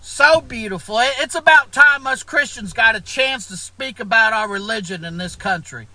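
A man's voice: very high voice, normal speed, bright, forceful tone, exaggerated voice, rough recording. A man playing a preachy Christian who preaches to passengers on planes, in a stand-up comedy clip. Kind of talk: stand-up character bit.

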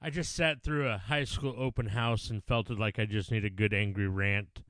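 A man hosting a podcast in relaxed, conversational chat. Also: on the low side, normal speed, no room sound, clean studio sound. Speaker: podcast host.

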